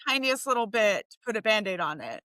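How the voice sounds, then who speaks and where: A woman's voice: mid-range voice, very animated, brisk, sharp tone, no room sound. A woman co-hosting a podcast in casual chat. She speaks in an earnest, thoughtful, agreeable way with filler-laden asides. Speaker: podcast co-host.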